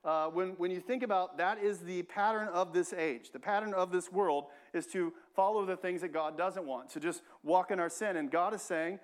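A male pastor delivers a sermon in a church. His voice sits high for a man, and he keeps it loose and conversational, repeating key phrases and tossing in "right?" to check on his listeners. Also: moderate pace, hardly any pauses. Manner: conversational, repeats himself, frequent "right?" asides.

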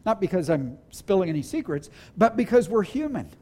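In a church hall, a pastor delivers a sermon in a high voice with big, wide swings in melody, yet his tone stays mellow and warm. He speaks earnestly, stumbling over restarts and slowing way down on the words he wants to land.

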